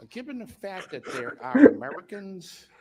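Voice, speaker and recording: A man giving public comment at a city council meeting, halting and earnest, with many fillers. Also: sits high, very animated, dark tone.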